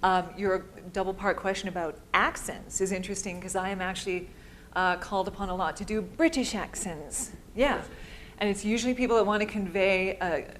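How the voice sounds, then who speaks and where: A woman's voice: mid-range voice, slight background noise. A woman voice-over artist answering audience questions at a live panel, chatty and upbeat, laughing easily.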